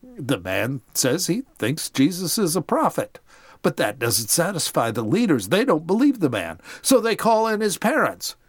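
A man's voice: on the high side, sing-song, moderate pace, husky, no room sound. Podcast guy retelling a bible story, voice rises and falls a lot, dry close mic. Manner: explanatory storyteller, addresses listeners. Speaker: podcast host. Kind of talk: scripted Bible story narration.

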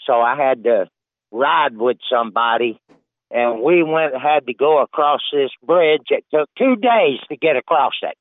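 A man's voice: medium pitch, lively intonation, unhurried, no room sound. An older man calling in to a radio show, rambling in a folksy way. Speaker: caller. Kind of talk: phone-in chat. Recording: tinny phone line.

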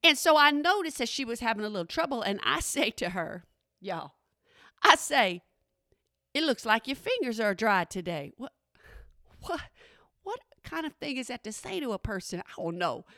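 A woman radio host telling a comedic story from her studio, animated and talking straight to her listeners. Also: on the high side, moderate pace, no room sound. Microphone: studio microphone.

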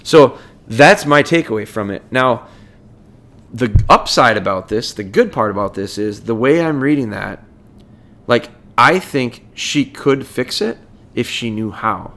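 A man's voice: medium pitch, animated, a little slow, a bit bright. Man explaining dog training casually. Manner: conversational, breaks points down step by step, frequent restarts. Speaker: dog trainer and podcast host.

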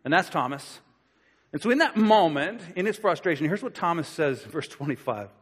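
A man preaching a sermon in a relaxed, conversational way, acting out quoted voices as he tells the story. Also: on the high side, moderate pace, slightly rough. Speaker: pastor. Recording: long hall reverb.

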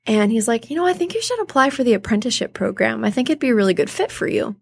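A woman's voice: a little high, racing, gravelly, breathy edge. A woman in her thirties, a theater artist, telling stories as an interview guest and acting out the voices she quotes. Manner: animated, acts out quoted voices. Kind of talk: casual interview storytelling.

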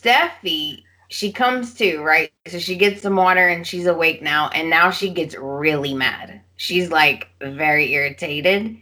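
A woman's voice: low voice, measured pace, few pauses, pushed and bright. A woman hosting a podcast, casually recapping soap opera episodes and acting out the characters' lines as she tells the story. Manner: chatty storyteller who acts out characters' lines. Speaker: podcast host.

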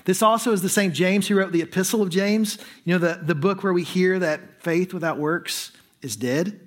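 Guy pastor with a fairly high voice, chatty sermon, keeps asking "right?". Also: moderate pace. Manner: conversational preaching with frequent "right?" asides.

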